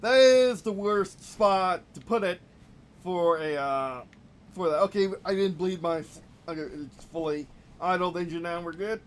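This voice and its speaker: A gameplay video host giving live commentary, venting frustration at the game in short, repeated outbursts and yelling complaints. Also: medium pitch, unhurried, a little hiss or hum.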